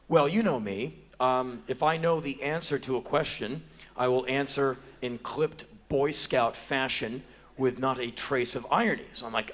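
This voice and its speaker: An American man in his forties tells stories on a theater stage in an emphatic, deadpan way. His voice sits at a middle pitch, and the delivery is live spoken word. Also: moderate pace. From United States. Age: 40s.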